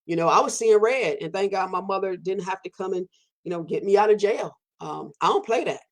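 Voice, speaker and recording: A woman giving an emphatic personal monologue as a podcast host, repeating phrases for weight and jumping sharply up in pitch when stirred. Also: a little fast. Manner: fiery, repetitive, preacherly emphasis with sudden pitch jumps.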